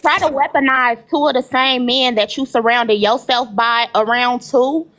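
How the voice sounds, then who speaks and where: Woman, fairly high voice, rambling and indignant, casual livestream guest. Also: fairly even intonation, normal speed, a bit bright.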